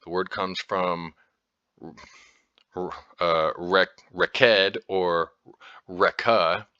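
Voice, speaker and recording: A man's voice: low voice, steady tone, drawn-out words, bright, forceful tone, smooth, no echo, dull audio. An American man talking casually as a podcast host, rambling with lots of fillers and restarts and the odd swear word. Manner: informal, occasionally profane. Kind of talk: casual explanatory talk.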